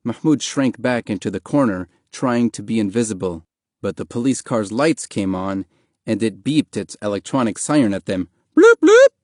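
A man narrating an audiobook in a calm, even, measured reading voice. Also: fairly low pitch, no room sound, studio quality.

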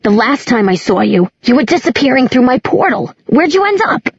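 A flamboyant older witch who exclaims and teases with big, swooping pitch, as a woman narrator puts her on. Her voice is husky. The recording is dry and a little dull. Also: very animated, brisk, dry recording, heavily acted. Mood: effusive. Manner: exclamatory, booming and teasing. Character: warm, effusive older witch woman, large and theatrical.

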